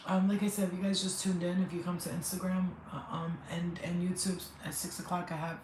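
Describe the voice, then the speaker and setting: Speaking fairly quickly in a lowish, level, slightly mellow voice, this middle-aged woman is a spiritual healer on a live stream. Tearful and rambling, she addresses her viewers directly; the room echoes and there's faint background noise.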